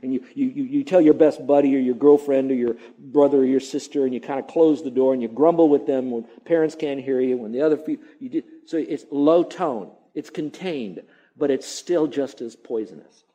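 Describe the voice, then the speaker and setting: A man's voice: mid-range voice, normal speed, warm tone, dull audio. A middle-aged male pastor preaching a sermon, stretching out key words for emphasis and mimicking grumbling sounds.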